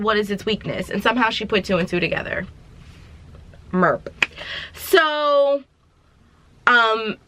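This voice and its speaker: Bright-voiced animated young woman vlogger. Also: mid-range voice, no echo. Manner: animated, dramatic retelling with slangy asides. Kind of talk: casual movie review vlog.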